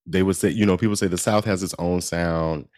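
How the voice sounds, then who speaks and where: Low-voiced man hosting a podcast. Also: fairly even intonation, a little fast, darkish tone, dry recording, clean studio sound. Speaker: podcast host. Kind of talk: casual interview.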